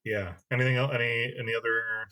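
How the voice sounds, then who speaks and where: Man, podcast co-host, casual chat, middle pitch, laughs a lot, eager. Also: little pitch movement, a little fast, bright, forceful tone. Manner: enthusiastic, laughs often, talks through ideas aloud. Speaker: game master, podcast co-host.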